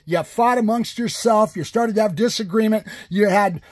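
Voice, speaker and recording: A man's voice: sits high, normal speed, no room sound, clean studio sound. Furious swearing man in his sixties. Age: 60s. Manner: furious, shouting, heavy swearing. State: enraged. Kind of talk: angry political rant.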